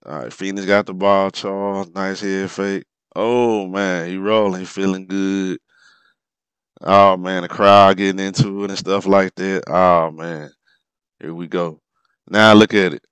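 A man giving casual, animated commentary over a basketball replay, exclaiming and reacting to each play. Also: deep voice, a little slow, smooth, no echo. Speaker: sports commentator.

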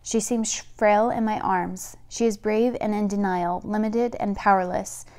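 A woman reads a novel aloud in a plain, steady narrating voice at a middle pitch. She keeps an even pace and lets the odd stumble slip through. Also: unhurried. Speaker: audiobook reader.

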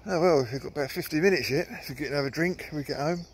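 A man's voice: fairly high pitch, quick pace, slight background noise. An Englishman giving a casual running commentary outdoors in the countryside while coaxing his dog along. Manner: chatty, coaxing the dog in a sing-song voice. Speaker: vlogger walking his dog. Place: outdoors in countryside with old trees.

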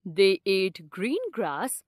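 A woman narrating a children's storybook in a slow, expressive, sing-song manner. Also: mid-range voice, no echo, studio quality.

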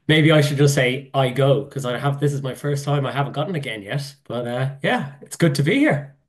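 A man from Ireland, a festival promoter appearing as a podcast guest, talking in a laid-back, quiet way that trails off. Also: medium pitch, animated, fairly quick. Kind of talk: casual podcast chat.

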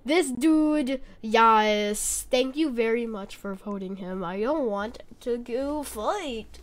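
High-voiced woman in nervous game commentary. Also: slow pace. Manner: jittery, squealing and apologizing when scared. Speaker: gaming YouTuber. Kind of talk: gameplay commentary. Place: cold bedroom. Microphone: desk mic.

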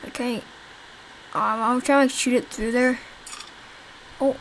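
A woman's voice: fairly high pitch, fairly even intonation, takes it slowly, a little hiss or hum, poor audio. A young woman casually commenting while she plays a zombie game she made herself, rambling and swearing at the enemies. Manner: rambling, swears, talks to viewers while playing. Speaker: game developer playing her own game.

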